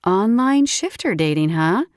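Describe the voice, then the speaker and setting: A woman's voice: medium pitch, lively intonation, measured pace, dry recording, studio quality, natural voice. A woman voicing a teasing young shifter friend. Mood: amused.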